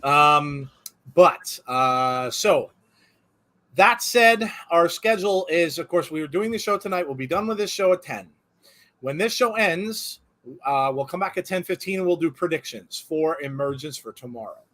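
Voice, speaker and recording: A man with a voice on the higher side hosts a live wrestling watch-along at a normal speed. The chat is casual and rambling, full of energy and frequent laughs.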